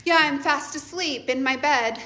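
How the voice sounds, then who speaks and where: A woman's voice: high-pitched, normal speed, bright, forceful tone. Blunt mother telling a storytime. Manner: laughs often, offhand and blunt. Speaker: mother telling a story about her teenage daughter. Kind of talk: casual storytime chat.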